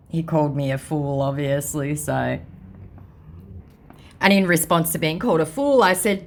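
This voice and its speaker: A woman's voice: deep voice, lively intonation, normal speed. A woman scam baiter reading chat messages aloud with sarcastic, teasing commentary.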